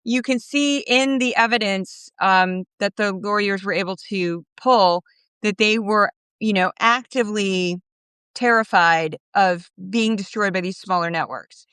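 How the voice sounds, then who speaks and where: Bright-voiced animated middle-aged woman. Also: mid-range voice, clean tone, no room sound. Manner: animated, quick, laughing asides. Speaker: podcast guest. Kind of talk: casual interview chat. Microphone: phone.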